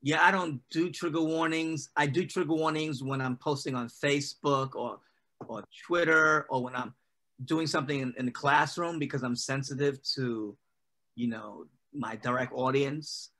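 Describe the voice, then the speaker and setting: A man talks casually as a guest poet, answering questions in a loose, rambling way with plenty of "you know" thrown in. His voice is bright and forceful, sitting at an ordinary pitch. It sounds like a video call. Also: moderate pace.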